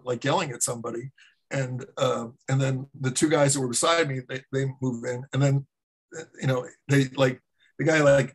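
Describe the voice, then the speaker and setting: Husky-voiced man telling a rambling story. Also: mid-range voice, poor audio. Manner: rambling, many fillers and restarts. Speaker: martial arts instructor and guest. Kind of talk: casual anecdote storytelling.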